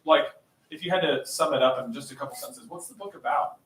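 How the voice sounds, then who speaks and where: A bright, high-voiced man emcees an improv show with lively, swooping intonation. He sounds upbeat and chatty and laughs easily. The mic sits some way off in a roomy space with faint noise. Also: fast talker, far from the mic. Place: small coffee shop stage.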